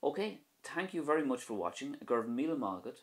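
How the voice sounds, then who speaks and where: A young man with an Irish accent teaching Irish pronunciation in a video lesson, slowly repeating each example word. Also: medium pitch, very animated.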